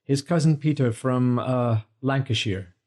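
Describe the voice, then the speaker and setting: A man's voice: medium pitch, unhurried, a little mellow, close to an everyday voice. A man voicing an anxious, lovestruck young male singer in an audiobook.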